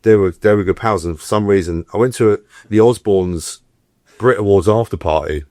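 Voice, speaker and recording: With a lowish voice at a moderate pace, a middle-aged actor shares stories as a guest in a relaxed interview. He gets animated and performs the voices he quotes, captured in studio-quality sound without echo.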